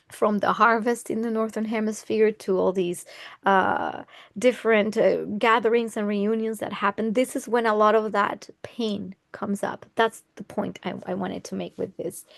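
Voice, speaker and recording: A woman's voice: medium pitch, creaky, dry recording, studio quality. A woman astrologer giving an earnest, casual talk, often restarting her phrases and laughing lightly between thoughts.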